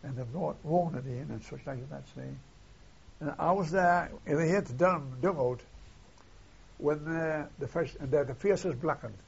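A man's voice: a little high, a little slow, creaky, darkish tone, slightly rough. An older man recalling wartime events in an oral history interview, rambling and retelling old dialogue, often tagging "see?". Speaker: war veteran interviewee. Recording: dull lo-fi archive tape.

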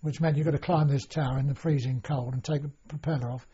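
A man's voice: mid-range voice, fairly even intonation, fast talker, warm tone, slightly rough. An older man recalling his past in an oral history interview, rambling with many restarts and fillers. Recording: dull lo-fi recording.

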